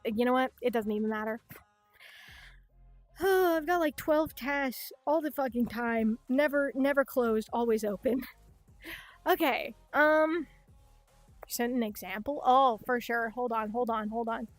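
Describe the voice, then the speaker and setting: A young woman streamer rambles through casual livestream chat, swearing freely and jumping up in pitch whenever something bothers her. Her voice sits a little high and sounds dry and close to the mic. Soft music plays faintly behind her. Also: moderate pace, no room sound. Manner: rambling, swearing, expressive, sudden rises in pitch. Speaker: VTuber streamer.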